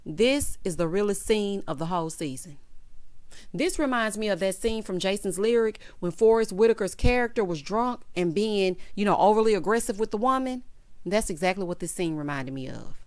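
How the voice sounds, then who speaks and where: A woman's voice: medium pitch, animated, normal speed, no room sound. Woman vlogger, opinionated and sassy, mid-range voice, dry close sound. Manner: sassy, opinionated, acts out quotes in character. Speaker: reality TV recap vlogger. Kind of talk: casual recap commentary.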